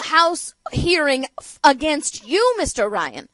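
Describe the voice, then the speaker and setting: A woman's voice: high-pitched, expressive, moderate pace, a bit bright, no echo. A woman hosting a political talk show, giving opinionated commentary with sarcasm, rhetorical questions and emphatic outbursts. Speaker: radio talk show host.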